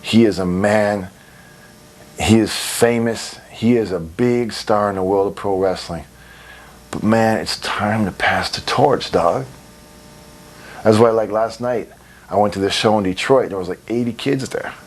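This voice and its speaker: Speaking a little slowly in a fairly low voice, a man in his thirties, a pro wrestler, is interviewed as a guest. He recounts stories bluntly and animatedly, swearing plenty and laughing, in candid, profane talk.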